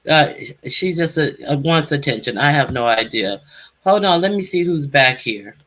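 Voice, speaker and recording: A woman's voice: deep voice, lively intonation, moderate pace, a bit bright. Woman, live stream host, casual chat, calls out guests by name.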